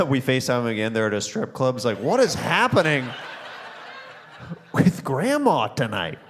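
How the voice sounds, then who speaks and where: A man doing stand-up crowd work, riffing with the crowd and dropping into hushed pleading asides. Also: mid-range voice, a little hiss or hum. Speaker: stand-up comedian. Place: comedy club stage.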